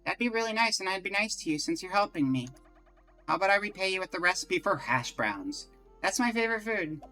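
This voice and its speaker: A man voicing a tearful young village child in a game, reading the lines in a high, pleading voice. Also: expressive, racing, pushed and bright, soft background music, exaggerated voice. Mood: grateful. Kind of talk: reading game dialogue aloud.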